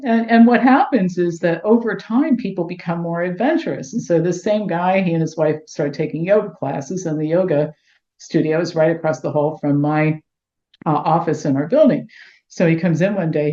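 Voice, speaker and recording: A middle-aged woman being interviewed, telling lively anecdotes and acting out the dialogue. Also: fairly low pitch, normal speed. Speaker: guest, health doctor. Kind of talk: storytelling in interview. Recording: roomy, dull lo-fi sound.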